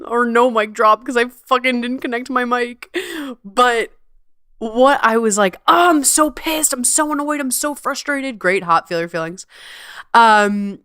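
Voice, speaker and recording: A woman hosting her own podcast in a casual, expressive way, swearing freely, laughing often and using playful slang, recorded on a computer's built-in mic. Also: a little high, clear, resonant tone, dry recording, studio quality. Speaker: podcast host and coach. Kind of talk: casual solo podcast talk. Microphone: computer's built-in mic, not her usual one.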